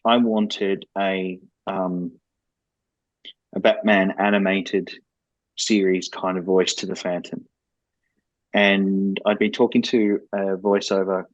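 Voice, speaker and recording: A low-voiced man speaks as a game developer guest on a podcast and candidly explains his work at length. His voice is dry and close, and the audio sounds dull and lo-fi. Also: no echo. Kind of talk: podcast interview.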